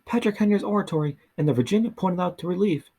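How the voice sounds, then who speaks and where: A man reading a history book aloud in a soft ASMR style, slow and halting, often stumbling and restarting words. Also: high voice, breathy edge. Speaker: ASMR reader.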